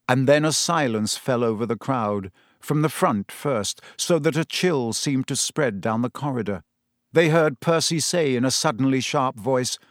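A man narrating a storybook as an audiobook reader, with an expressive storytelling delivery. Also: medium pitch, moderate pace, dry recording, clean studio sound. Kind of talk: scripted narration.

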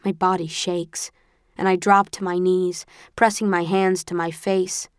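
A woman narrating a first-person audiobook with a tense, expressive storytelling manner. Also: lowish voice, measured pace, dry recording, studio quality.

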